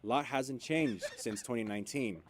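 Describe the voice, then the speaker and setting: A man co-hosting a radio sports show, chatting casually and getting loud and animated when worked up. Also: mid-range voice, moderate pace, slight background noise. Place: radio studio.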